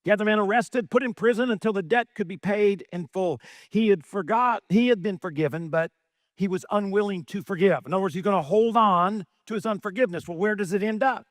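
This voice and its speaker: Male pastor preaching, high voice, dry close sound, animated, rhetorical questions. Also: brisk, no echo. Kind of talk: sermon.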